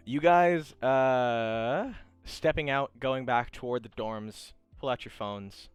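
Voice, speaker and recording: A man narrating as game master of a tabletop game, chatty and quick to laugh. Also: medium pitch, smooth, no room sound, soft background music. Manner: chatty, laughing, scene-setting.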